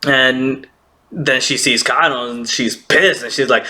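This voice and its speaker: A man casually recapping an anime episode, excitable, laughing often and acting out characters' lines. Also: medium pitch, measured pace.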